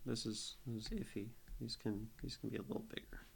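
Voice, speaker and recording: A young man on a live stream who critiques poetry and muses aloud, often pausing and restarting his sentences. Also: on the low side, steady tone, vocal fry, husky. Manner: musing, thinks aloud with restarts.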